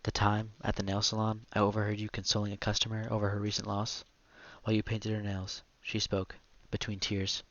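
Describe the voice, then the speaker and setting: A man reads literary fiction aloud in a measured, quiet and reflective way. His voice is low and nearly flat in pitch. The recording is dry and slightly dull. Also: dry recording. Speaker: audiobook narrator. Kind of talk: literary audiobook narration.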